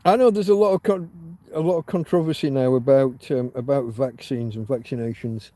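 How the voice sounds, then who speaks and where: A man's voice: medium pitch, fairly even intonation, moderate pace, mellow, no echo. A man hosting a casual livestream chat, telling a long story with many restarts and fillers, candid and swearing now and then. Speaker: livestream host.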